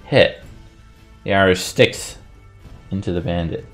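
A man's voice: sits low, a little slow, soft background music. A man running a tabletop game as game master, narrating casually with chuckles and fillers.

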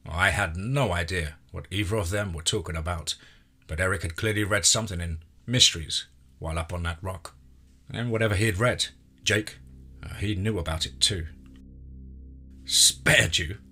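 A man narrating a horror story in a tense, measured scripted reading. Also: deep voice, pushed and bright, slightly rough.

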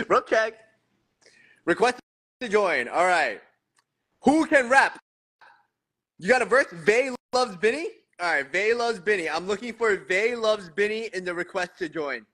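A man's voice: sits high, big pitch swings, pushed and bright. Guy hosting a phone livestream, playful and rambly, voice jumps all over the place. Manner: playful, self-mocking, rambling with quick restarts. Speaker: livestream host. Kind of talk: casual livestream chat.

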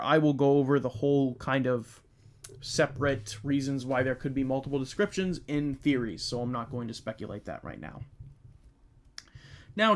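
Man hosting a true crime podcast. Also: medium pitch. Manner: loose, with frequent ums and restarts. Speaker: podcast host.

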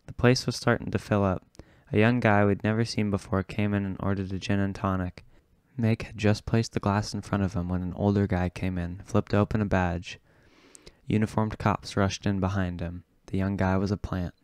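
A man reading a novel aloud in a steady, low-key way. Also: moderate pace, clear, resonant tone, no echo, clean studio sound. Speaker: audiobook reader.

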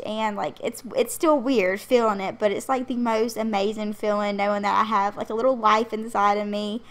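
Narrating a game build for her channel, the young pregnant host chats loosely and rambles, breaking into frequent laughter. Her mid-range voice is a bit bright.

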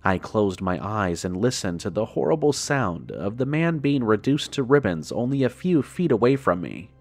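This medium-pitched male narrator takes a podcast listener through a first-person horror tale, keeping a measured, dramatic pace that eases off on the gruesome parts.

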